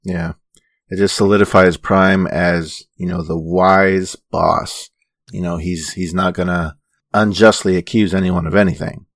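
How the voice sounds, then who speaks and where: A man co-hosting a casual chat, recapping plot in a relaxed way with frequent chuckles. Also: deep voice, measured pace, dry recording, clean studio sound. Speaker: podcast co-host recapping episodes.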